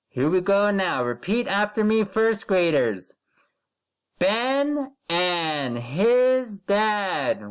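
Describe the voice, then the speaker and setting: A man leads a recorded reading lesson for first graders from his computer. He speaks at an unhurried pace with a lively, swinging intonation. He repeats every direction and stretches each word when he reads a sentence aloud for the children to copy. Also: high voice. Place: recording at a computer while sharing the screen.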